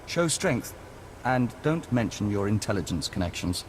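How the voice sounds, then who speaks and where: An actor playing a calm, formal male diplomat bonded to an insect hive, who speaks of himself as "we", in video game dialogue. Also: on the low side, normal speed. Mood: measured. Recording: game audio with background noise.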